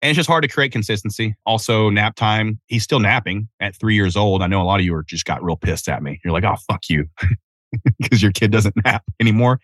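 Low-voiced guy in his 30s from tennessee doing a chatty podcast outside, swears a lot, dry close mic. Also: a little fast, no echo. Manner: animated storytelling with cursing and self-interruptions. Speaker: podcast host. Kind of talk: casual solo podcast chat. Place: outdoors.

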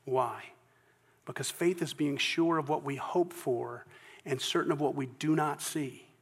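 A Southern US pastor preaching in a church sanctuary, with a high voice for a man. He tells his story earnestly, stumbling into false starts, and his words trail into a long reverb. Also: measured pace, vocal fry, breathy edge. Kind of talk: sermon.

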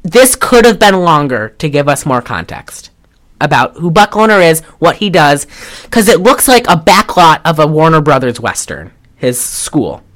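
A woman's voice: sits low, big pitch swings, normal speed. A woman co-hosting a podcast, reviewing a movie in casual, rambling chat and swearing offhand. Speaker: podcast co-host.

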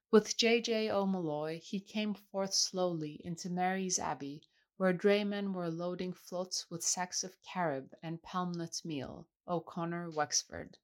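A woman reading a literary novel aloud in a measured, even way. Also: lowish voice. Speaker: audiobook reader. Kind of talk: literary audiobook narration.

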